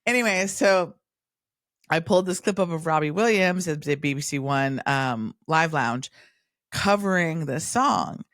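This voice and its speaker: Animated woman chatting on a podcast. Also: sits low, measured pace, no echo, studio quality. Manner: animated storyteller who acts out quotes. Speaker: podcast co-host. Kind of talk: casual chat.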